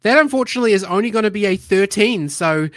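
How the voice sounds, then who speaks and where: A man narrating a tabletop game as game master in a relaxed, rambling way. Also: high voice, quick pace, no room sound, studio quality. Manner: relaxed, rambling, many ums and uhs.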